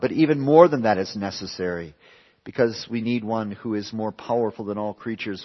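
A man pastor preaching a sermon with emphatic swings between raised and hushed lines. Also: on the low side. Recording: reverberant hall, dull lo-fi sound.

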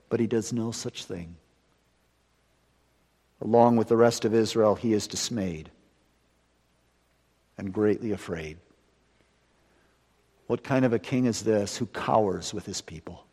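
Man preaching in an echoing hall. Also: on the low side. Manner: dramatic preaching, slowing for emphasis and rising to loud peaks. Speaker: pastor. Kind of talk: sermon. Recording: long hall reverb.

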